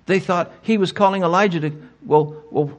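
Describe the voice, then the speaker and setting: A man's voice: sits high, moderate pace. An older man speaking at a Bible conference, answering audience questions with emphatic rhetorical questions. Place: conference hall.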